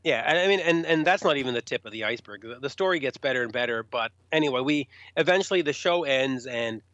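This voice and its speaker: Animated man telling wild road stories. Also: medium pitch, fast talker, dry recording. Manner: animated, acts out others in raised voices. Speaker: rock journalist guest. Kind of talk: casual storytelling. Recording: dull lo-fi dry sound.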